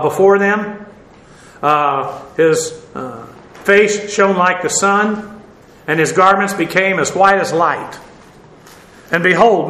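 A man's voice: high-pitched, fairly bright tone, echoey room, low-quality recording. A man preaching a sermon in a conversational, folksy way, with many fillers and asides.

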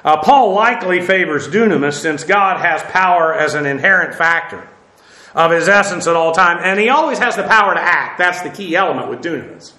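A man's voice: on the high side, expressive, fairly quick, sharp tone, reverberant. A man teaching a Bible class, lecturing with many fillers and correcting himself as he goes.

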